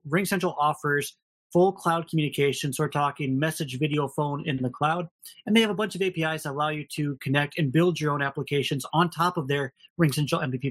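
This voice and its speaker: A man's voice: fairly high pitch, fairly bright tone. A man with a Minnesota accent co-hosting a casual podcast, rambling and self-deprecating with lots of fillers. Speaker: podcast co-host.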